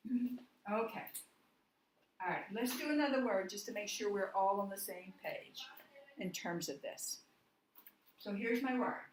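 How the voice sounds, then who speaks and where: Slow, patient woman teaching phonics. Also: mid-range voice, roomy sound, slight background noise, low-quality recording. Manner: slow, patient, step-by-step explaining. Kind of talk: phonics lesson.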